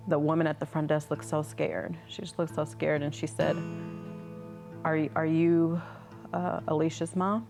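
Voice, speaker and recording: A mother telling a personal story in a halting way, restarting often. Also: low voice, vocal fry, a little mellow.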